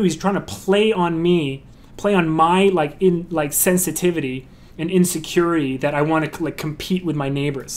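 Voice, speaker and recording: A man's voice: on the high side, a little mellow. A man giving a casual lecture on crowdfunding his film, chatty and full of fillers and restarts, breaking into a story. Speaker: filmmaker teaching about crowdfunding.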